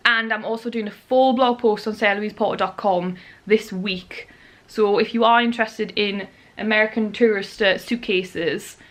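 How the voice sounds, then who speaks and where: A woman's voice: mid-range voice, fairly bright tone. A young woman, gushing and chatty in a casual home vlog, filling her talk with "like". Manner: gushing, chatty, repeats "like" often. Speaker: vlogger. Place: home room.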